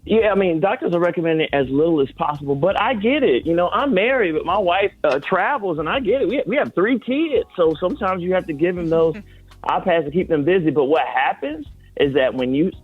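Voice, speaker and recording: A man with a slightly high voice explains parenting research in an earnest, lecturing way. He comes through a thin, phone-like line with a dry sound. It sounds like expert advice heard on the radio. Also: expressive, brisk, husky, no room sound, faint music behind. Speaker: guest doctor.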